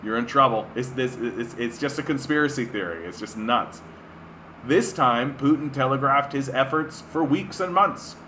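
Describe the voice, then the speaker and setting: A man's voice: mid-range voice, moderate pace, pushed and bright, slight background noise. A man from Canada streaming political commentary, reading an article aloud and breaking off into sarcastic, profane rants. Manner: sarcastic, profane, ranting, heavy use of "right?".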